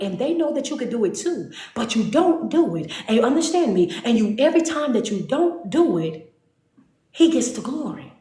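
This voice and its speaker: A woman delivering a livestreamed sermon in a high voice. She speaks straight to her viewers, repeats her points and keeps asking if they understand. The sound carries a roomy echo. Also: dark tone. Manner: talks straight to viewers and calls out names. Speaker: motivational speaker and preacher.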